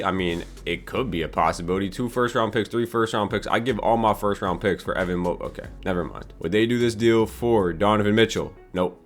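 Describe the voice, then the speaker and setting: A young man with a somewhat low voice gives casual gameplay commentary, reasoning out loud in loose slang. He swings between quiet mumbling and sudden irritated outbursts, like a YouTuber talking over his screen at a desk mic. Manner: slangy, frustrated outbursts, thinking aloud. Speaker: gaming YouTuber.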